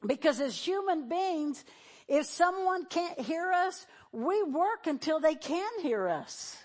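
A woman's voice: extremely high pitch, animated, takes it slowly, darkish tone. A middle-aged woman pastor preaching a sermon in a conversational way, acting out the voices she quotes.

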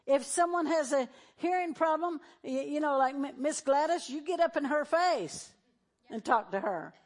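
A middle-aged woman pastor delivers a sermon with a high, bright-pitched voice. She preaches conversationally, talking straight to her congregation and acting out the voices she quotes. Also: animated, normal speed.

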